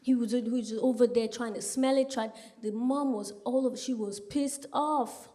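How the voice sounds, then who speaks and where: A woman's voice: on the high side, fairly even intonation, normal speed, dark tone. Punchy woman comedian on a club stage. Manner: punchy, chatty delivery with frequent asides to the crowd. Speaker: stand-up comedian. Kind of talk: stand-up comedy set.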